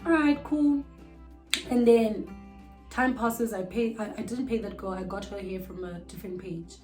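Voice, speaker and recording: Woman, South African accent, young adult, storytime vlog, animated delivery, medium pitch, faint background music. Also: moderate pace, poor audio. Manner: animated storytelling, voice jumping up when outraged. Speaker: vlogger.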